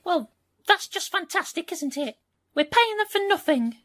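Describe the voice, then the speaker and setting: Bossy woman, blunt, high-pitched. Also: animated, moderate pace, fairly bright tone. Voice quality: blunt, curt. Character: bossy, short-tempered woman in charge. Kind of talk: sketch comedy acting.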